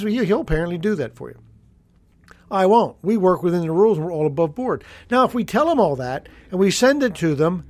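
Middle-aged lawyer guy hosting his show, fairly high voice, folksy and emphatic, dry close sound. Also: no echo. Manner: emphatic, folksy, repeats key points. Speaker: estate planning attorney and show host. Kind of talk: educational radio-style talk.

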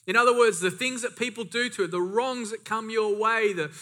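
A man's voice: sits high, a little fast, hardly any pauses, pushed and bright. A man preaching a sermon, reading scripture and driving points home with emphatic repetition and casual asides. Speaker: pastor.

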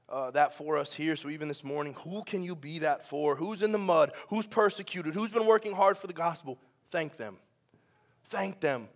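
A young adult man preaching a sermon in a church, animated and joking, firing questions at the congregation. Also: a little high. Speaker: pastor. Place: church sanctuary.

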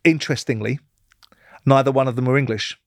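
A man's voice: mid-range voice, steady tone, a little fast, dry recording, studio quality. A man hosting an interview, blunt and challenging, cutting in with pointed questions. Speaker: interview host. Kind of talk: confrontational interview.

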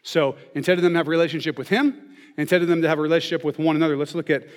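A pastor with a voice on the high side races through a conversational sermon, often checking in with "okay?" and "right?". The recording carries the long reverb of a large hall.

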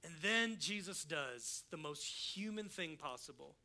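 A man's voice: fairly high pitch, lively intonation, a little slow, bright, forceful tone. A man preaching a sermon as pastor, in a casual, emphatic style, and he acts out the people he quotes.

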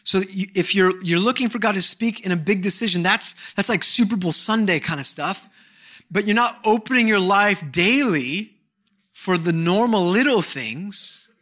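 A middle-aged male pastor preaching a sermon, candid and animated, breaking into mock voices and shouted bursts. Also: high voice, normal speed.

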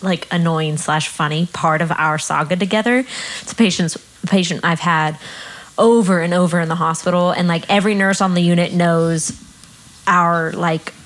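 A woman who works as a nurse, telling a story in a casual chat with animated, filler-heavy delivery. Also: fairly low pitch. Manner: animated, full of fillers and quoted voices. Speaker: nurse and podcast co-host.

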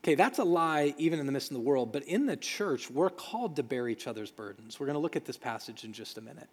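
A man's voice: mid-range voice, expressive, fast talker, slightly rough. A man preaching a sermon as a pastor, earnest and emphatic, repeating phrases for weight. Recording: long hall reverb.

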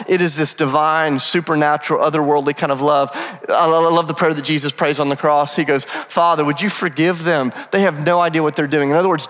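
High-voiced animated male preacher. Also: in a large hall. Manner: animated storytelling with paraphrased dialogue and jokes. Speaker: pastor. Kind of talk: sermon.

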